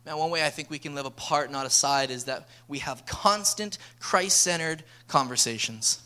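A man's voice: on the high side, moderate pace, sharp tone, clear, resonant tone. A young man preaching an earnest sermon that builds to emphatic appeals. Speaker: pastor.

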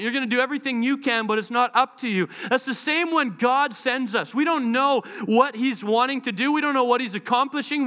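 Bright-voiced preacher in a reverberant hall. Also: male voice, sits high, smooth. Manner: conversational, animated, acts out quotes. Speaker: pastor. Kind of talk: sermon.

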